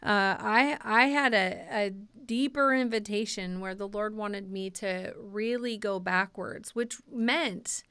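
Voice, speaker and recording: A woman's voice: mid-range voice, slow, few pauses, a bit bright, clean tone, dry recording. A woman guest on a podcast, speaking earnestly and heartfelt about faith and healing, often repeating words for emphasis. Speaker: podcast guest, author and ministry leader. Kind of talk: earnest faith-based conversation.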